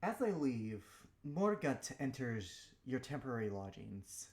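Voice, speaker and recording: A man's voice: medium pitch, big pitch swings, unhurried, darkish tone. A man narrating a tabletop game as game master, in a casual manner. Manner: casual, with fillers.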